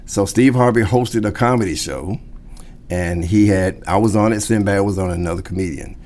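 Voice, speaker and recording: Middle-aged man, low voice, animated storyteller, acts out quoted voices. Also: moderate pace, a little hiss or hum. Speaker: comedian guest.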